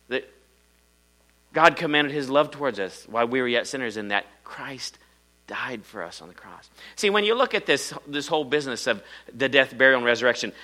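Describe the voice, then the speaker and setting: A man preaching a sermon as pastor, swinging between loud emphatic bursts and quiet asides, acting out small quoted voices in his stories. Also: mid-range voice. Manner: acts out little quoted voices in his story.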